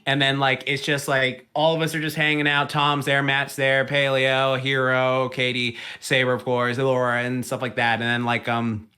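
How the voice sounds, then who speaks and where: A man's voice: medium pitch, flat delivery, normal speed, few pauses, pushed and bright. A man co-hosting a podcast in casual chat, rambling through a story, swearing and laughing as he goes. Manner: rambling, swears a lot, laughs while telling stories. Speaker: podcast co-host.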